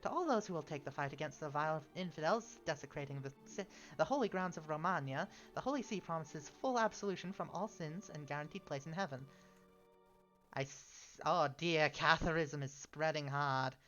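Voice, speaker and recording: A woman's voice: low-pitched, animated, moderate pace, fairly bright tone, highs cut off, faint music behind. A woman streaming a strategy game, giving casual commentary in a fussy, polite way and often sighing "oh dear".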